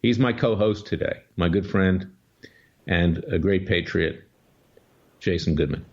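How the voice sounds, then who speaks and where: A man hosting political talk radio, lowish voice and an emphatic, combative way of laying out his case. The audio is dull and lo-fi, like an old radio broadcast. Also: unhurried. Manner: emphatic, combative, scornful delivery. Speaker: radio talk show host and lawyer.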